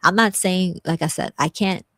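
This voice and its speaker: A woman with a notably low voice speaks in a candid, earnest way as she tells her own story to the camera. She circles back and repeats her points as she goes. The sound is dry and close. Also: moderate pace, a bit bright, no echo. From grew up in US housing projects. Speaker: vlogger. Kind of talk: candid personal commentary.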